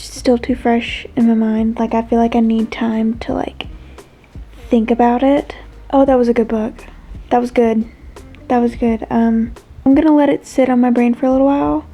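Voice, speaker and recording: A woman's voice: a little high, gravelly, warm tone, poor audio. A woman chatting expressively to her viewers in a casual reading vlog. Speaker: book vlogger.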